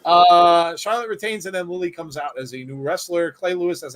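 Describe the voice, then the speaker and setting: A man co-hosting a wrestling podcast in casual chat, reading out listener comments and exclaiming loudly at them. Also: fairly high pitch, moderate pace, few pauses. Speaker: podcast co-host.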